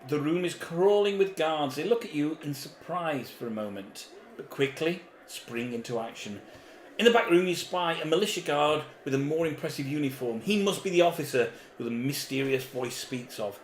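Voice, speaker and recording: A man's voice: on the high side, animated, normal speed. A man co-hosting a board game playthrough, chatty, reading rules and story text aloud. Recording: echoey room with faint background noise.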